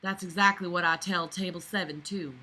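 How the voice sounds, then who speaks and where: A woman reading a book aloud and mocking it, swearing and breaking into loud sarcastic rants. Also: fairly low pitch, steady tone, brisk. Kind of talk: sarcastic hate-read commentary.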